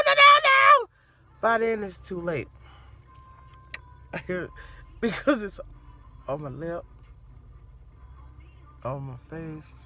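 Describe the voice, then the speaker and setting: A middle-aged grandmother telling a family story to her viewers, animated and laughing as she goes. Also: lowish voice. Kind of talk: casual storytelling to camera.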